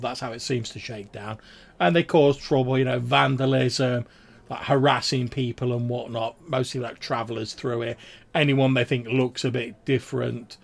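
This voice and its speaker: A man voicing a gruff town guard who talks loudly and bossily but chummily to strangers. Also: mid-range voice, voice pushed up. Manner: bossy, loud, chummy with strangers. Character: gruff male town guard in red tabard.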